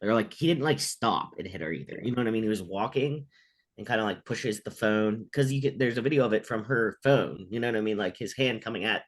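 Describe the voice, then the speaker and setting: A man's voice: lowish voice, brisk. A man co-hosting a casual sports talk show, reading news items and rambling with lots of "like". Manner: rambling, filler-heavy, lots of "like". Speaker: co-host.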